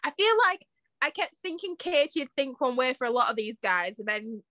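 A young woman co-hosting a podcast in casual chat, laughing often and filling pauses with ums. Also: high-pitched, animated, bright, forceful tone, no echo. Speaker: podcast co-host.

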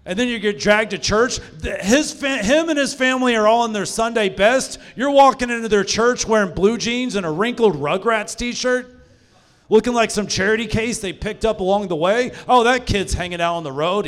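A man's voice: sits high, normal speed, a bit bright. A young man doing a stand-up set in a comedy club, profane and self-mocking as he tells stories. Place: live comedy club stage.

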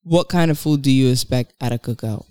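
A woman's voice: rumbling low, brisk, no room sound. A woman co-hosting a casual podcast, teasing and laughing as she tells stories. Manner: laughing, teasing, animated storytelling. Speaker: podcast co-host. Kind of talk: casual chat.

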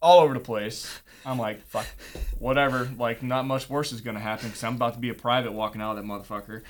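A man's voice: medium pitch, steady tone, fast. A young man spins a rambling, profane story in a casual chat. He swears freely and slips into the voices of the people in the story. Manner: profane, rambling, acts out dialogue. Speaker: guest telling a story.

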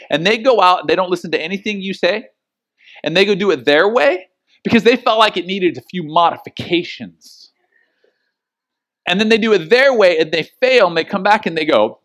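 Male pastor, middle-aged, sermon delivery; animated storyteller who acts out quotes, voice sits a bit high. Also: normal speed.

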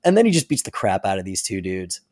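Animated man retelling a comic. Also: deep voice, fast, dry recording, clean studio sound. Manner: animated retelling with frequent laughs. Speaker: podcast co-host. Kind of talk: casual chat.

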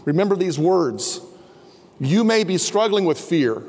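A pastor preaching an earnest sermon, sometimes dropping to a soft, low voice. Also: male voice, sing-song, a little slow. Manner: earnest, drops to a soft low voice for quiet passages. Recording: long hall reverb. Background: students in a campus service.

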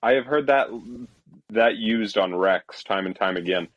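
A man's voice: lowish voice, measured pace, highs cut off. A man co-hosting a podcast in casual, jokey, rambling chat. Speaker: podcast co-host.

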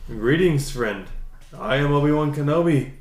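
A man's voice: on the high side, lively intonation, moderate pace, roomy sound, a little hiss or hum, lightly acted. A man reading out the lines of a Jedi and an ogre from a script, half breaking into laughter. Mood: calm. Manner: joking read-aloud, breaking into laughter. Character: man reading a calm Obi-Wan Kenobi and a gruff ogre.

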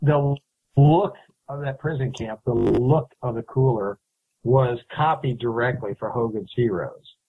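A husky man co-hosts a movie podcast, adding trivia in casual talk. His voice sounds thin and narrow, like a phone line. He speaks at an average pitch. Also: measured pace, dry recording. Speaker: podcast co-host. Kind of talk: casual chat.

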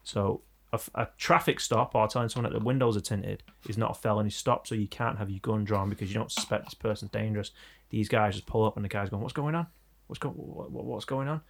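Fast-talking gravelly English man. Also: fairly low pitch. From England. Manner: animated, sweary storytelling. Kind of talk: casual chat.

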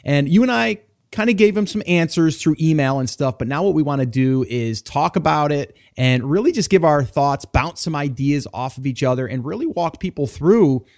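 A man's voice: on the high side, expressive, normal speed, a little mellow. A man hosting a podcast, talking in an enthusiastic, rambling way with lots of fillers. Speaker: podcast host. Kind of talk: casual podcast chat.

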